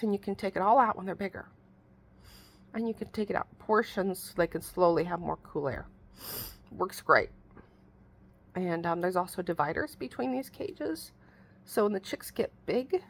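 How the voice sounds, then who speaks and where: A middle-aged woman tells a long, rambling story to the camera in a casual vlog. Her voice has a gravelly, fry-laden edge, and she talks in a folksy, exasperated way, piling one detail onto the next. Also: a little high. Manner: chatty, rambling, exasperated retelling with a rural folksy way of talking. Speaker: vlogger.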